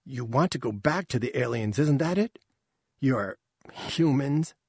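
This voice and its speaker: A man's voice: medium pitch, expressive, a little fast, vocal fry, a little mellow, breathy edge, dry recording, clean studio sound. A man reading aloud voicing a harsh, contemptuous female alien elder with a cold, commanding manner. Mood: accusing.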